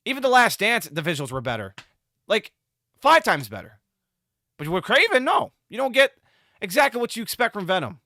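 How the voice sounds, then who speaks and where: Lively, bright-voiced man ranting. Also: high-pitched, moderate pace, long pauses, no room sound, studio quality. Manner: rambling and exasperated, with many restarts. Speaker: movie reviewer. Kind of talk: casual spoken movie review.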